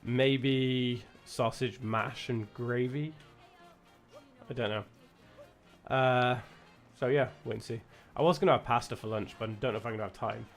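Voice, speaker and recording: A young man with a British accent chatting casually while streaming a game, rambling with lots of restarts and self-corrections. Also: medium pitch. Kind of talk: casual chat while gaming.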